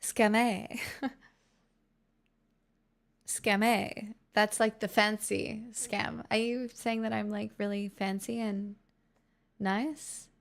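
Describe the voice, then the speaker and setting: A woman's voice: mid-range voice, flat delivery, takes it slowly, creaky. A young woman livestreaming and chatting casually with her viewers in a playful, giggly, teasing way.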